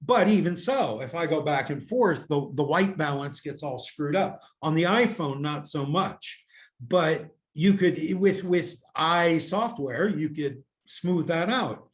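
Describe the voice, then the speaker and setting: A man's voice: on the high side, lively intonation, a little slow. An older man from the United States, a guest in a casual interview, talking at length in a rambling, self-mocking way with many fillers, picked up by a laptop microphone. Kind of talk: casual video-call interview chat. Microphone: laptop camera microphone.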